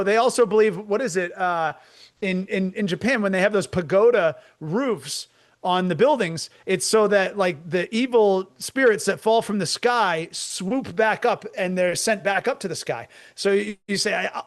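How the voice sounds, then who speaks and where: A male comedian co-hosting a podcast, spinning rambling, absurd comic stories with deadpan delivery. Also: sits high. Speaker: comedian co-host. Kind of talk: comic storytelling chat.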